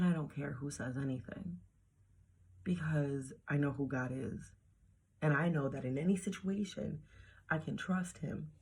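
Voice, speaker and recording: A woman's voice: lowish voice, a little mellow, breathy edge. A woman giving a casual devotional talk to camera, slangy and emphatic, often dropping into whispers. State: heartbroken after a breakup. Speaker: faith vlogger.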